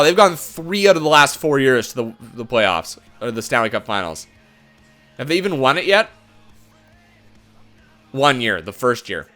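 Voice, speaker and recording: While playing a hockey game, a young gaming video host vents in a slightly high, bright, forceful voice. He swears and rants, clearly fed up.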